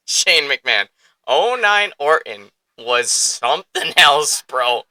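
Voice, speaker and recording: Podcast host, male: excitable, swears freely and laughs a lot, with a very bright voice and a dry, close sound. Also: a little high, takes it slowly, no echo, low-quality recording. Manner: excitable, profane, laughs often. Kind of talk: casual podcast chat.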